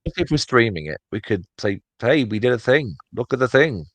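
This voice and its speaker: A man's voice: medium pitch, big pitch swings, moderate pace, a bit bright, no room sound. A man co-hosting a casual podcast chat, rambling with many fillers and restarts. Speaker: podcast co-host.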